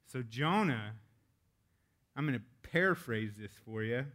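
A man's voice: mid-range voice, animated, unhurried, fairly bright tone. A male pastor preaching a sermon in a casual, candid way, with joking asides.

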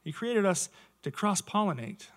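A man's voice: high voice, expressive, moderate pace. A man in his thirties giving a casual, conversational sermon to his church, full of rhetorical questions. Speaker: lay preacher.

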